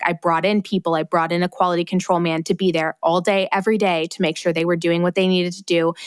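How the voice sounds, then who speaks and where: A woman with a lowish voice tells a story on a podcast in a casual, chatty way. She acts out the other people's lines as she goes. The sound is close and dry, with no room echo. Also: clean tone. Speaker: podcast co-host.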